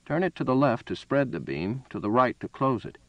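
A man reading aloud, voicing an old male gun shopkeeper who speaks in a precise, calm and measured way. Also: medium pitch, no echo, highs cut off, pitched above the performer's own voice, natural voice.

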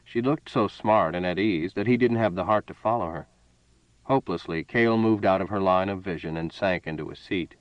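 A man narrating a story in a steady, measured reading voice. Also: sits low, no room sound, dull audio. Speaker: audiobook narrator. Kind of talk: scripted narration.

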